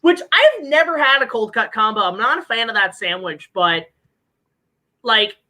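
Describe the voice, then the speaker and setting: A woman's voice: fairly high pitch, lively intonation, moderate pace, sharp tone, poor audio. A woman hosting a stream, chatting casually, joking and rambling with a lot of swearing. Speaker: stream host. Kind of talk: casual chat.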